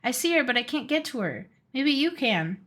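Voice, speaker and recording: A woman reading a storybook aloud, voicing a young goblin sister in a raised, quick, urgent voice. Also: high-pitched, sing-song, a bit bright, voice pushed up, exaggerated voice.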